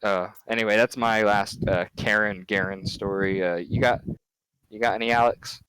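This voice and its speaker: A man's voice: lowish voice, steady tone, moderate pace, a bit bright, clean tone, no echo, poor audio. A young man co-hosting a podcast in casual chat, laid-back, saying "dude" and laughing easily. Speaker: podcast co-host.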